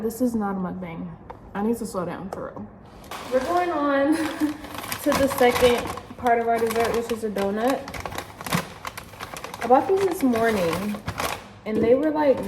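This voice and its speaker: A woman's voice: medium pitch, a little mellow, roomy sound, a little hiss or hum. A young pregnant woman chatting casually while she cooks in her home kitchen, rambling and laughing often. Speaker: vlogger.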